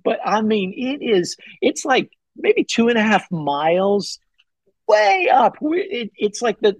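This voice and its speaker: A man telling a hunting story as a podcast guest, excited and rambling, with many fillers and restarts. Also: breathy edge, dry recording, rough recording. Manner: acts out his own past words with big pitch jumps. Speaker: podcast guest, bowhunter and pastor. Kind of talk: casual storytelling in an interview.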